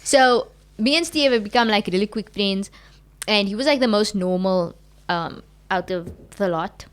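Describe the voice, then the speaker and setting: A young woman hosting a podcast, telling a story in a frank, animated way and swearing freely. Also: mid-range voice, moderate pace. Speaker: podcast host. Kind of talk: casual storytelling.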